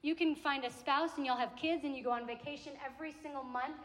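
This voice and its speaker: A young adult woman preaching a sermon to a campus ministry gathering, in a conversational, animated way that acts out little quotes. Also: high voice, quick pace. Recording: echoey hall with long reverb.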